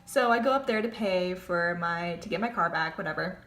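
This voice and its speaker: A woman's voice: on the low side, a little fast, fairly bright tone, soft background music. A young woman beauty vlogger in casual chat, rambling through stories with lots of fillers. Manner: chatty, rambling storytelling with many fillers. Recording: echoey room with faint background hiss.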